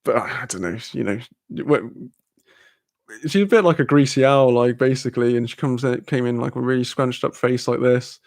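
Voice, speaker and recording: A man's voice: mid-range voice, moderate pace, darkish tone, dry recording, clean studio sound. A young man telling rambling stories and answering chat on a casual live stream, swearing freely between lots of fillers. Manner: reads out and answers chat comments.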